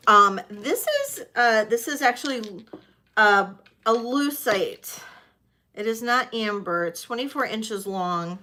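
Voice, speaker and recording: A middle-aged woman hosts a live-streamed vintage jewelry sale, talking slowly as she thinks aloud. Her voice has a bright, forward edge. She fills pauses with ums and chats casually with her viewers. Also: mid-range voice, sing-song.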